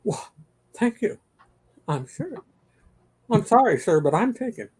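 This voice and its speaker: A man's voice: sits high, very animated, a little slow, darkish tone, slightly rough. A man from Chicago hosting a casual live chat show, joking and teasing his guest and greeting viewers in the chat. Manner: jokey, teasing banter. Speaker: livestream host.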